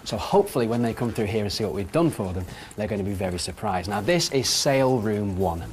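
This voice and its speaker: A man's voice: on the low side, animated, fast talker, in a large hall, slight background noise. A man presenting a prank show on location in an upbeat, jokey way. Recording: music over the voice.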